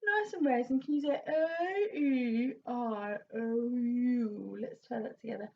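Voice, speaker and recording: A woman vocal coach leading a warm-up lesson, counting in and demonstrating exercises with encouraging remarks. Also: fairly high pitch, slow, vocal fry, muffled recording, slight background noise.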